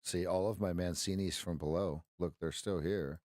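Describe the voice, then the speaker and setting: A man's voice: sits low, fairly even intonation, normal speed, a little mellow, dry recording, studio quality. A man coaching traders on a live stream, blunt, passionate and profane. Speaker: trading coach.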